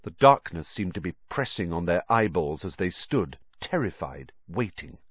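A man reading a story aloud as narrator, with expressive storytelling. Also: deep voice, normal speed, slightly rough, dry recording, highs cut off. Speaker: audiobook narrator. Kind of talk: scripted narration.

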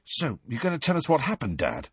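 A man's voice: medium pitch, huge pitch swings, fairly quick, breathy edge, no room sound, clean studio sound, voice pushed up, heavily acted. A man voicing a cheeky, prying teenage wizard boy, in an audiobook reading.

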